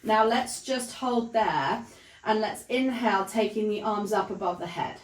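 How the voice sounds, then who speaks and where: A woman leading a Pilates class, calmly talking through the moves while she demonstrates them. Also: medium pitch, unhurried, roomy sound, poor audio. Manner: calm counting of breaths while demonstrating. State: breathless, counts fading to breathy whispers during exertion. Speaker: Pilates instructor. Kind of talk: guided exercise instruction.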